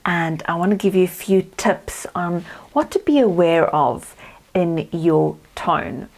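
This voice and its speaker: A woman's voice: fairly low pitch, measured pace, gravelly. A woman from South Africa, a confidence coach, giving a lesson straight to camera and acting out example tones. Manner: expressive, acts out example tones. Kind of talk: teaching talk to camera.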